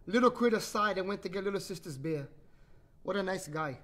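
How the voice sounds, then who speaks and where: A man's voice: high voice, a little fast, fairly bright tone. A man, hosting a playful bedtime story livestream with jokey, teasing asides. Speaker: host reading a bedtime story. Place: home livestream.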